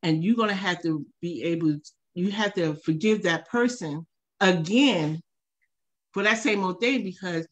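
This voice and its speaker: A woman's voice: lowish voice, measured pace, dull audio. A woman in a faith discussion who responds to the others and retells a teaching she heard. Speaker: panelist.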